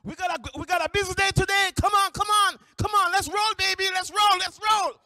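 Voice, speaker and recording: A man putting on a loud, hyped-up female work supervisor who shouts orders at her staff. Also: very high voice, sing-song, moderate pace, gravelly, no room sound, clean studio sound, big-room sound, pitched above the performer's own voice, full character voice. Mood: hyped, bossy. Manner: shouting, pushy, bossy.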